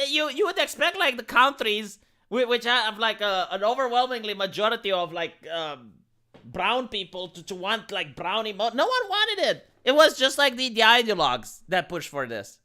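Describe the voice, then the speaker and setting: A man from Romania reacts on a live stream in loose, casual commentary. His voice is bright and swings widely in pitch. He stammers, restarts and leans heavily on filler words.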